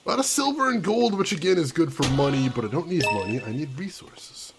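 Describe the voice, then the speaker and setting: Brief: a chatty streamer guy with a slightly raised, gravelly voice over game music. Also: on the high side, animated, fairly quick, hardly any pauses. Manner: chatty, chatting with chat, laughing often. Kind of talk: casual live-stream commentary.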